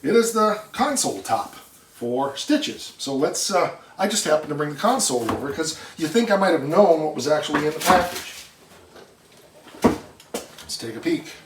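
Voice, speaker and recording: A man from northern Michigan hosting his car shop channel, chatting in a folksy, rambling way as he unboxes parts. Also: fairly high pitch. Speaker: shop owner and channel host. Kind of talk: casual chat while unboxing. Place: shop or barn workshop. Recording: echoey shop, mic at a distance, noisy.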